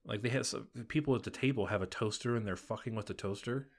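Steady man retelling a TV plot. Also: on the low side, fast, gravelly. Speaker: podcast co-host. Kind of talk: casual TV recap narration.

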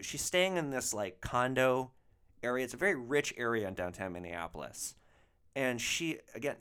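A man's voice: mid-range voice, fairly bright tone, smooth. A man who drove rideshare, hosting a podcast and telling a comic story in a profane, exasperated way. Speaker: rideshare driver, podcast host.

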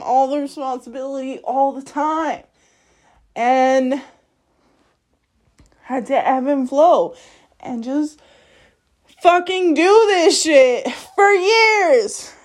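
A woman with a high voice talks slowly through a candid personal monologue. She is blunt and swears freely, often laughing mid-sentence. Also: a little mellow. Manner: frank and profane, laughs often while telling. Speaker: podcast host.

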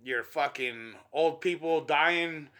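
A man's voice: a little high, slow pace, sharp tone. A man from Denver chatting casually as a comedian host, loose and slangy with lots of swearing. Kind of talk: casual chat.

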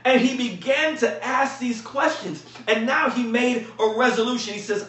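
A man preaching a sermon as pastor, fervent and calling out to his congregation, at times rising to shouts. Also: very high voice, animated, normal speed, hardly any pauses, distant mic. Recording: echoey room, voice from off-mic.

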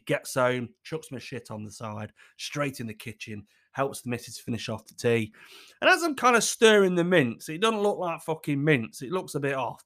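A man's voice: mid-range voice, fairly bright tone. A man telling a comic personal story, swearing often, laughing and acting out the quotes. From United Kingdom.

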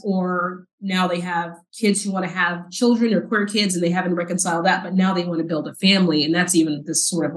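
A woman in her forties from South Texas, a podcast guest telling her personal story in an earnest, halting way with repeated words. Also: lowish voice. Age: 40s. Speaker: podcast guest, nonprofit CEO. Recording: roomy echo.

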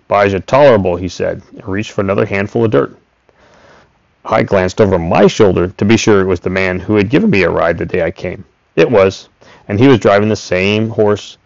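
A man reading a first-person story aloud in a steady, plain way. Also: lowish voice, vocal fry, dry recording. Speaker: audiobook reader. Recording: dull, dry recording.

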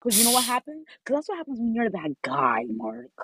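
A woman from New York co-hosting a casual podcast chat, talking in a brash, profane, excitable way. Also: fairly high pitch, brisk, breathy edge, low-quality recording. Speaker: podcast co-host.

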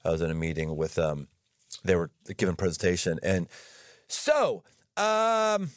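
A man hosting a podcast as a pastor, talking in an energetic, jokey way and laughing readily. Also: deep voice, moderate pace, no room sound, studio quality. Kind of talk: casual interview chat.

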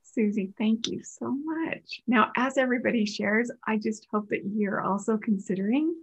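A woman's voice: fairly high pitch, moderate pace, highs cut off, a little hiss or hum. A woman leading a group call, introducing speakers in an encouraging way. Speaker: group leader.

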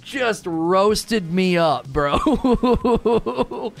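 A man in his thirties casually telling stories to his stream, animated and self-mocking, laughing often. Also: on the high side, normal speed, faint music behind. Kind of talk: casual storytelling to a live stream.

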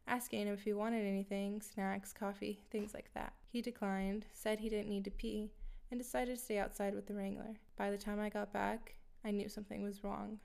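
A woman's voice: medium pitch, little pitch movement, normal speed, vocal fry, darkish tone. A woman telling a first-person horror story in a matter-of-fact way, with dry asides to her listeners.

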